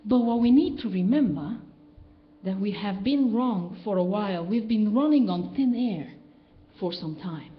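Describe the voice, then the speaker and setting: A woman's voice: mid-range voice, animated, measured pace. A woman minister giving a sermon in a conversational way, often asking the congregation questions. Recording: dull, lo-fi live-stream recording with faint background noise.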